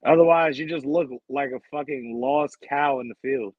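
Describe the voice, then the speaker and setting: A man's voice: medium pitch, normal speed, no room sound, narrow, tinny audio. A man co-hosting a casual music review chat, laid-back and profane as he gives his verdicts. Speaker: podcast co-host.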